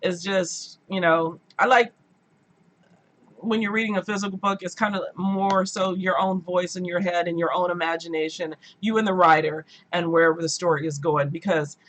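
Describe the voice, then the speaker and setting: A woman hosting a casual live book chat from her room at home, talking in a chatty, animated way and slipping into playful mimicry. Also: on the low side, fairly quick, hardly any pauses. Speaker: book channel host.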